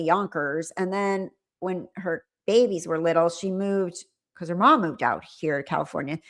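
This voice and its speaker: A middle-aged woman with a slightly low voice chats casually with her livestream viewers. She rambles from one thing to the next and often trails off and starts her sentences over. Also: creaky, a bit bright. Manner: rambling, chatty, trails off and restarts. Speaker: livestream host.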